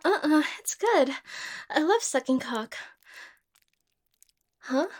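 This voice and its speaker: A young adult woman performing adult audio role-play, with a teasing, intimate and unhurried delivery. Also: high voice, animated, darkish tone.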